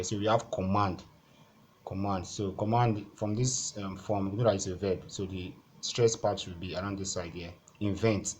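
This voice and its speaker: A man's voice: deep voice, a little hiss or hum. A man, tutoring for exams and walking through questions on screen, repeating each rule step by step. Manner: methodical, repeats key points step by step. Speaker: exam-prep tutor. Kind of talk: explaining over on-screen exam questions.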